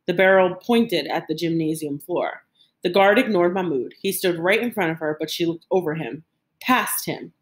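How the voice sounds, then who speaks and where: A woman reads a novel aloud in a steady, even voice that sits a little low for a woman. She keeps an unhurried narrating pace and now and then restarts a stumbled word. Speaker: audiobook reader.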